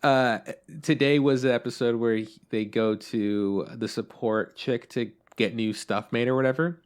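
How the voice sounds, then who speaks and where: A man's voice: medium pitch, fairly even intonation, moderate pace, clean tone. A man co-hosting an anime podcast in casual chat, rambling with lots of fillers and swearing. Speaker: podcast co-host.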